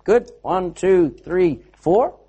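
A man's voice: high voice, animated, slow, warm tone, breathy edge. A man preaching a sermon to a live audience, fervent and exhorting, calling people to action. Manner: fervent, exhorting, directs volunteers on stage.

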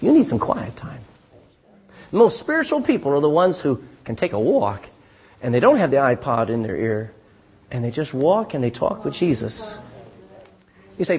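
A pastor preaching a sermon, reading scripture aloud and calling for amens from the congregation, with dramatic swings between loud and hushed delivery. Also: male voice, on the high side, huge pitch swings, moderate pace, slightly rough. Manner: asks the congregation for "Amen?" responses; reads scripture in King James wording.

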